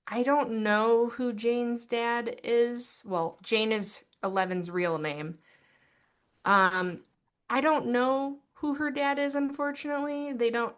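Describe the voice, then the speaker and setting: A woman talking through a TV show on a relaxed family podcast. She speaks slowly and hesitantly, pausing and restarting as she explains and avoids giving away twists. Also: mid-range voice, smooth. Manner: hesitant, with frequent pauses and restarts while explaining. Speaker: podcast co-host, daughter. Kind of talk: casual chat recapping a TV show.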